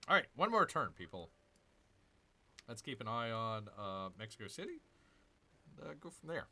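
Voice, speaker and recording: Gaming host, man: lively, jokey grumbler, tense bright voice, faint game music behind. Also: mid-range voice, normal speed. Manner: jokey, grumbling, mock growls. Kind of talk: casual strategy game commentary.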